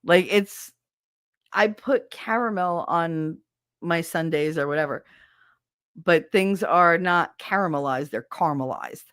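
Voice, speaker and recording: A woman's voice: on the low side, unhurried, a bit bright, clear, resonant tone, dry recording, studio quality. Chatty, foul-mouthed woman podcast host. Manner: swears freely and laughs often; chatty and self-mocking. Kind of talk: casual live chat with viewers.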